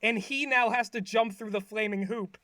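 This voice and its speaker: A man's voice: sits high, moderate pace, sharp tone, dry recording. A man casually retelling a cartoon episode on a podcast, rambling with lots of fillers and acting out bits of dialogue. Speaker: podcast co-host recapping an episode. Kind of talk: casual chat.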